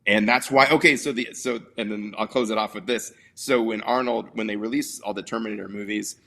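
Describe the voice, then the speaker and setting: A man's voice: fairly low pitch, steady tone, brisk, creaky, a bit bright. A man hosting a casual movie review podcast, telling stories in a rambling way with lots of fillers. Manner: rambling, filler-heavy storytelling. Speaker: podcast host.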